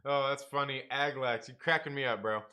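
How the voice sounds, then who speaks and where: A medium-pitched man with a steady tone talks fairly quickly in a pushed, bright voice. Hosting a comics review livestream, he chats casually with viewers, laughs often, and calls people man and bro.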